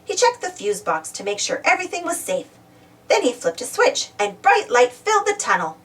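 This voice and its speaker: A woman gently reading a children's storybook aloud as a storyteller. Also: high voice, huge pitch swings, moderate pace, recorded from a distance.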